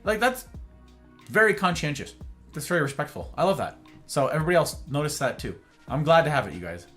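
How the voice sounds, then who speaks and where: A man's voice: fairly high pitch, very animated, quick pace, fairly bright tone, faint music behind. A man streaming from home, chatting casually and greeting his viewers by name with playful flourishes. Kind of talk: casual livestream chat.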